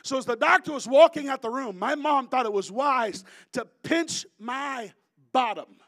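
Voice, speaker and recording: A man in his thirties from Florida preaches a sermon, telling his story in a lively, animated way. His voice sits high for a man. He breaks into shouting at the peaks. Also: normal speed. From Florida, USA. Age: 30s.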